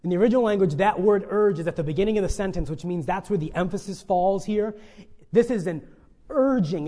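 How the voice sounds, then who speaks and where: A man preaching a sermon as pastor, earnest and pleading, with swings between loud emphasis and quiet asides. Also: high-pitched, fast talker.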